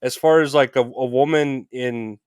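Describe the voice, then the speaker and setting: Smooth-voiced male podcast host, dry sound. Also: medium pitch, steady tone, a little mellow, no room sound. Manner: halting, restarts, agreeable backchannels. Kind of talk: casual interview chat.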